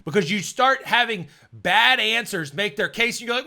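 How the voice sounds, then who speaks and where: A high, very bright male voice that swings widely in pitch as he coaches. He talks straight to the viewer, slangy and animated, and acts out students' thinking in quick little asides. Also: vocal fry. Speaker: exam prep coach. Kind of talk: energetic tutorial talk to camera.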